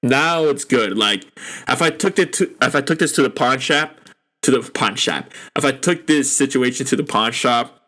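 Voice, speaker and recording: Excitable, profane young podcast host. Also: male voice, mid-range voice, normal speed. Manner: excitable, profane, lots of "dude" and "bro". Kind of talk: casual podcast commentary.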